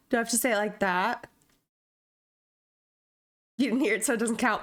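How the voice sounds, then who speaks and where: A woman's voice: a little high, fairly even intonation, moderate pace, pauses often, fairly bright tone. A young woman streaming a video game, chatting casually in a playful, self-mocking way. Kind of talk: casual live-stream chat.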